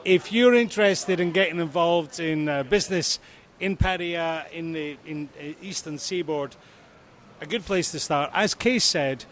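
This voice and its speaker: A man's voice: fairly high pitch, a little slow, a little hiss or hum. Joking man co-hosting outdoors. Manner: relaxed, joking. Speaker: co-host. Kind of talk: casual outdoor chat.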